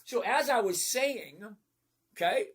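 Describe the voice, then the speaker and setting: A man's voice: very high voice, animated, takes it slowly, husky. A man in his sixties hosting a live trading stream, chatting casually and answering viewers by name. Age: 60s. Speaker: stock trading livestream host.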